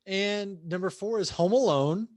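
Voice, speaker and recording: A man's voice: high-pitched, unhurried, a little mellow, dry recording. A man in his thirties co-hosting a podcast, chatting casually at home and ranting with swearing. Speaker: podcast co-host. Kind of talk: casual chat.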